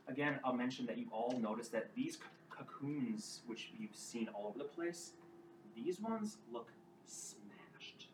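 A man narrating as game master of a tabletop game, with halting, restarting descriptions. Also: mid-range voice. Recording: roomy, distant mic with clear background noise.

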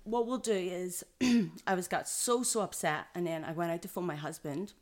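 A woman's voice: fairly low pitch, moderate pace. A woman guest on a podcast, telling her personal story in casual conversation. She is earnest and acts out the voices of other people as she quotes them. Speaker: podcast guest, mother of triplets.

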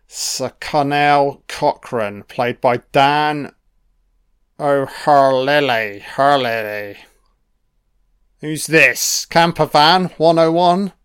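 A man's voice: fairly high pitch, very slow, a bit bright, clear, resonant tone. A man giving a casual, sweary and sarcastic commentary on a film.

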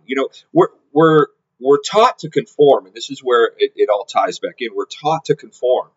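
A man's voice: mid-range voice, expressive, normal speed, hardly any pauses, husky. A middle-aged man telling a story in a casual podcast monologue, rambling with lots of restarts and repeated words. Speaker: podcast host. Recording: slightly dull lo-fi audio.

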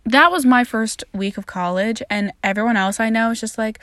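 A woman's voice: fairly high pitch, measured pace, long pauses, a bit bright, no echo, studio quality. A young woman hosting a podcast, telling a candid, self-deprecating, sweary story of her first day of college in a casual monologue. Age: young adult. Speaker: podcast host.

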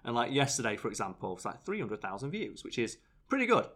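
Fast-talking bright British man. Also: medium pitch. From Britain. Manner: animated storyteller, acts out voices loudly. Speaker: channel host. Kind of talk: casual podcast chat.

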